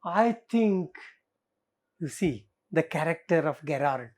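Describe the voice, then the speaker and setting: Slow-speaking Indian English teacher woman. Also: sits low, lively intonation, a little mellow. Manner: explanatory, reads scenes aloud and comments. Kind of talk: literature lesson explaining a play.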